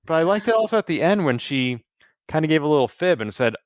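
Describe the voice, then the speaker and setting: A man's voice: on the high side, big pitch swings, fast, no echo, studio quality. A man co-hosting a podcast, chatting casually and rambling with restarts. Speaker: podcast co-host. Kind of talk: casual chat.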